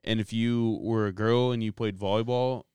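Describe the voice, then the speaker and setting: A man's voice: on the low side, fairly even intonation, normal speed, darkish tone, smooth, dry recording. A man co-hosting a podcast, chatting casually and steering the talk back on topic. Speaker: podcast co-host. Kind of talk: casual chat.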